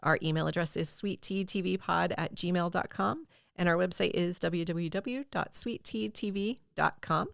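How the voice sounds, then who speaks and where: Gravelly-voiced woman podcast co-host. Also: lowish voice, normal speed, few pauses, no room sound, studio quality. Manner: relaxed, brief replies, reads outro plugs. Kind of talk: casual chat and show outro.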